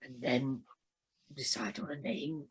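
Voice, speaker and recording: Man playing a halting, earnest drunk cleric. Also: mid-range voice, breathy edge, poor audio. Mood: grateful. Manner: hesitant, halting, sincere. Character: drunk earnest young male cleric, devout and fussy.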